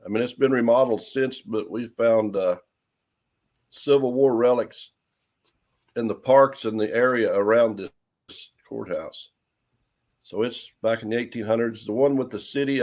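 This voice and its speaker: A man's voice: medium pitch, fairly even intonation, a little slow, long pauses, a little mellow. Matter-of-fact man in casual chat. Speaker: co-host guest.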